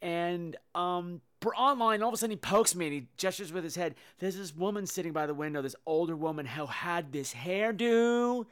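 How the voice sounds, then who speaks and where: A man hosts a comedy podcast, spinning campy, animated stories that burst into loud exclamations now and then. His voice sits a little high and sounds smooth and resonant. He talks in a loose, chatty monologue. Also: moderate pace, hardly any pauses. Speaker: podcast host.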